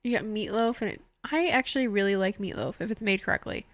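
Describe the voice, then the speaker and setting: A woman's voice: medium pitch, fast talker, no room sound. A young woman live-streaming, chatting casually with viewers and laughing often as she reads out their messages. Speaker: streamer watching a wrestling show.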